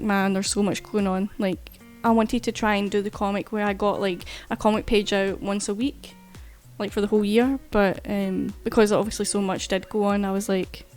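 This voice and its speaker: A woman's voice: medium pitch, a little mellow. A woman artist chatting casually while streaming, rambling and swearing freely. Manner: chatty, loose, swears casually, frequent fillers. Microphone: desk mic while streaming.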